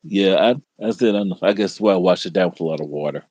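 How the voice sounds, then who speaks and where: Man, co-host, casual chat, halting, very deep voice, dry sound. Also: a little mellow, dry recording. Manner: halting, retells everything with "I said".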